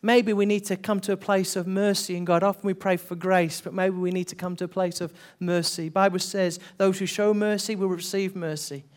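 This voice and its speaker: A man preaching a Pentecostal sermon to his church, earnest, swinging between hushed passages and loud, building calls, and often repeating himself as he restarts. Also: high-pitched, little pitch movement, fairly quick, few pauses.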